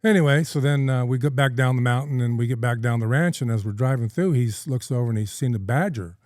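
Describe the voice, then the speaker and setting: Mellow-voiced middle-aged man spinning a yarn. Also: mid-range voice, quick pace, no echo, studio quality. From California. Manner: folksy, rambling storyteller with many fillers. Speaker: guest. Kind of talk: casual storytelling in a podcast interview.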